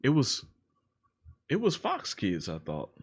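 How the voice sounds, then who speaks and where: A man's voice: mid-range voice, wildly swooping pitch, slow pace, slightly rough. A Midwestern man co-hosting a movie podcast, easygoing, mostly giving short agreeing replies. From American Midwest. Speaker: podcast co-host. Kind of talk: casual chat.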